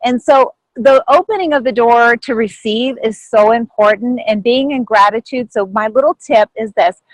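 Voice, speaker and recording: A woman telling a personal story on a video call, lively and animated, acting out what others said with big jumps in pitch. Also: normal speed, no room sound, poor audio. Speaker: group member sharing a story.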